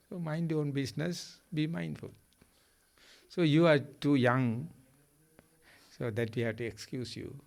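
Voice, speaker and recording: Emphatic Sri monk teaching. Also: male voice, fairly high pitch, darkish tone. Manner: emphatic, repetitive, plain-spoken. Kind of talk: dharma discussion answers.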